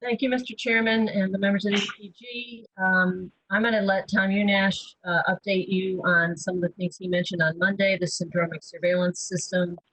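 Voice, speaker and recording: A woman, a public health dean, making measured formal remarks to a county meeting. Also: medium pitch, flat delivery, fairly bright tone, no echo, poor audio.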